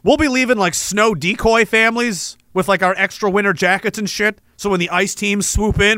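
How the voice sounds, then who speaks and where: A man performing a stand-up comedy bit in a mock-alarmist, animated manner with shouted bursts. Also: high-pitched, fairly quick, hardly any pauses, no room sound.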